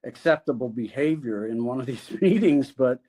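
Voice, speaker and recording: A man telling his recovery story as a podcast guest, candid and halting, with pauses. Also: mid-range voice, lively intonation, dark tone.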